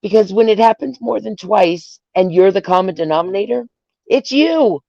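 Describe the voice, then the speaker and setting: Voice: medium pitch, animated, moderate pace, gravelly, a little mellow, no echo, highs cut off. A co-host in casual chat, teasing bluntly and calling out patterns.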